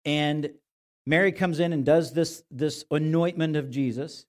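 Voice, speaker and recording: A man's voice: a little high, steady tone, measured pace, darkish tone. A male pastor giving a conversational sermon in a church, often asking his listeners rhetorical questions.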